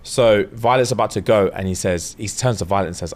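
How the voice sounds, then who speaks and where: A man's voice: on the low side, a little fast, a little hiss or hum. A young man, casually retelling a story on a podcast and acting out the characters' lines with slang and swearing. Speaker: podcast co-host.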